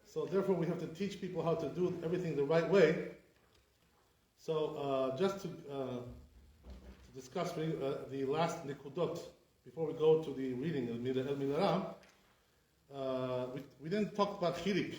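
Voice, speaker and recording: A rabbi is teaching a class in a roomy, echoing space, and his voice sits a little on the high side for a man. He explains step by step and keeps checking in with his listeners. He often says sounds aloud to show how they go. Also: a little mellow. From Sephardi community. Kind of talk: informal Torah class. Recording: echoey room.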